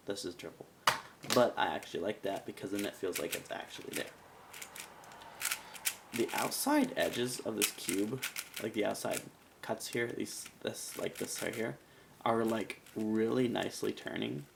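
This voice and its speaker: Male reviewer, gravelly and animated, casual rambling delivery, noisy recording. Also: fairly low pitch, unhurried. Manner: rambling, chatty, self-mocking asides. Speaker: cube reviewer.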